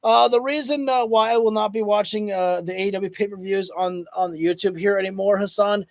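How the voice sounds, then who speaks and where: A man hosting a wrestling livestream who talks casually to his chat, rambling and excitable with lots of fillers, and is losing his voice. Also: high-pitched, a little fast, creaky, no room sound. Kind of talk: casual live commentary to chat.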